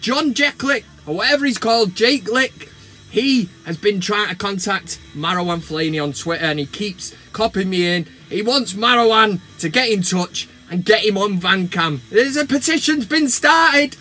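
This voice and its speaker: A man hosting a comedic football vlog, ranting in a mocking, sweary, excitable way. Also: sits high, normal speed, soft background music. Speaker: vlog host. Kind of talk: casual comedic football rant.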